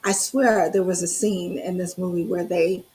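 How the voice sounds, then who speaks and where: Woman co-host, slightly low voice, chatty and quick to laugh, live movie commentary. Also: fairly even intonation, a little mellow, poor audio. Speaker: watch party co-host. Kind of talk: casual movie commentary chat.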